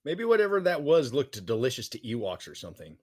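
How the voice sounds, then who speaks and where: Male co-host, lively voice, jokey riffs and silly asides. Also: mid-range voice, fast, breathy edge. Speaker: podcast co-host. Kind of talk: casual chat.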